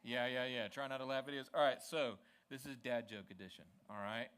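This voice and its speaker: A man's voice: mid-range voice, steady tone, fairly quick, fairly bright tone, smooth. A man hosting a student ministry service from a church stage, chatting casually with the young crowd and checking in with them often. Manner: upbeat, coaxing, checks in with the crowd.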